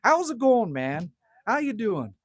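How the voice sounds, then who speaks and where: A man's voice: sits high, big pitch swings, unhurried, no echo. A Canadian man chatting on a livestream by an outdoor campfire, his voice rising and falling a lot. He is talkative and reads viewer comments aloud as he goes. The sound is dry and close. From Manitoba, Canada. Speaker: livestream host. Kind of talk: casual livestream chat.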